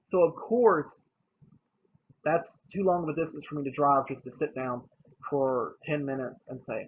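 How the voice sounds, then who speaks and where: Talking straight to the camera, a young man shares personal stories from his life, casual, earnest and emotional. He speaks a little slowly in a slightly high voice with fairly even intonation. The lo-fi recording sounds slightly dull and carries faint noise.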